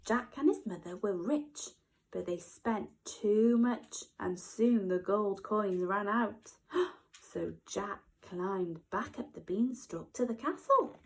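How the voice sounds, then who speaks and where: Slow, expressive nursery teacher woman. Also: mid-range voice, poor audio. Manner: expressive, with gasps and hushed whispers. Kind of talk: reading a storybook to young children.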